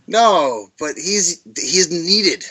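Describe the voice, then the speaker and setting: A man co-hosting a podcast in casual chat, blunt, sarcastic and quick to swear. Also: on the high side, expressive, pushed and bright, slightly rough. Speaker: podcast co-host.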